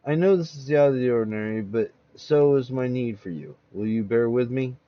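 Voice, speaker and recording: A shaky, secretive man played by a man confesses haltingly, his nerves showing in every phrase. The voice is mid-pitched, and the sound is muffled and lo-fi. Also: dry recording, close to an everyday voice. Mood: tense confession. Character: nervous, secretive man with a split personality.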